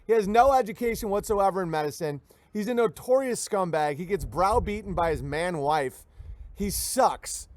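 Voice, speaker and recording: High-voiced animated male streamer. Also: normal speed. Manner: animated, rambling, mocking, breaks into laughs. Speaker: livestream host. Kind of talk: livestream commentary, reading viewer messages.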